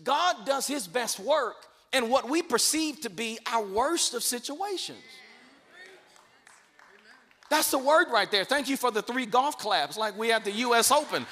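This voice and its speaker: A man preaching a sermon as a guest bishop, speaking emphatically and building to shouted declarations. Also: very high-pitched, expressive, normal speed. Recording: long reverb of a large hall.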